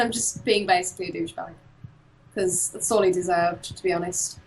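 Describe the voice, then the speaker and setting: A woman from the UK casually chatting on an art stream, telling animated stories and acting out quotes. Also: on the low side, a little fast, rough recording. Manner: animated storyteller, acts out quotes and laughs often. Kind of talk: casual chat while drawing.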